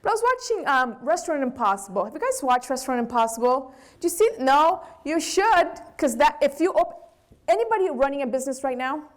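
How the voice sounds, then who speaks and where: A woman with a Brazilian accent, a business owner giving a candid, animated lecture to students. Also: sits high, brisk. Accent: Brazilian Portuguese. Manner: animated, candid storytelling with acted quotes.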